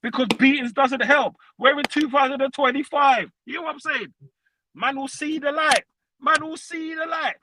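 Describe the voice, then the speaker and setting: A man calling in to a fan show, trash-talking loudly and profanely, peppering every line with tags like "you know what I'm saying". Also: extremely high pitch, moderate pace, noisy background. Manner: loud, profane trash talk with constant tags. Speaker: caller. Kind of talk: heated fan call-in rant.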